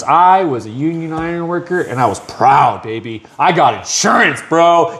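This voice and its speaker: Speaking in a mid-range voice, brisk and with hardly any pauses, this man spins a lengthy tale on his podcast. He curses freely and performs the characters' lines with animated, acted quotes.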